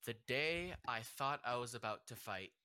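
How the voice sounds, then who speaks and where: A man's voice: mid-range voice, expressive, normal speed, bright, forceful tone, a little hiss or hum. A young man hosting a casual group chat and telling a long rambling story, laughing as he goes. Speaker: host and judge.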